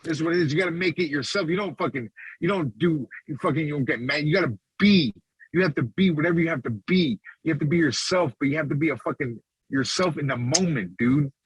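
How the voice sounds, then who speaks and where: A man's voice: on the high side, fast talker, breathy edge, no room sound, rough recording. A man co-hosting a podcast, talking in a fired-up, profane, preachy way. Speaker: podcast co-host. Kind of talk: casual podcast chat.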